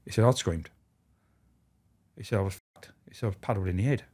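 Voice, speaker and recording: A man's voice: fairly low pitch, fast talker, slightly rough. A man, a former prison officer telling candid, swearing stories and acting out the voices of people he quotes. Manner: animated, acts out quoted voices.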